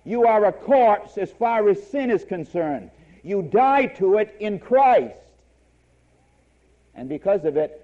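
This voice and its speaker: Man, sermon, high voice, emphatic delivery, muffled lo-fi recording. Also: mellow. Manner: emphatic, repeating key words for stress. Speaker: preacher.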